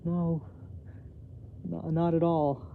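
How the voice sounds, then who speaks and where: A man doing a flustered young woman, a bit higher. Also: little pitch movement, slow, vocal fry, phone-quality sound, a little hiss or hum. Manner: embarrassed, flustered deflecting. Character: nervous flustered young woman on a phone call.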